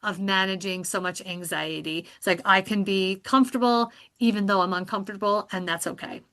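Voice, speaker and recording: A woman psychologist guest on a podcast, explaining therapy and coping skills in a lively, talkative way, laughing often. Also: medium pitch, fairly quick. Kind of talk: podcast interview.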